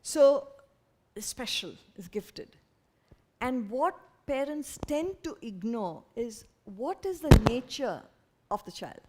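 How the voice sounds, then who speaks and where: A woman speaks to an audience in an earnest, lively way. Her voice sits a little high, and she slips into quick imitations of parents now and then. It is a spiritual talk, delivered in a lecture hall. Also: noisy background.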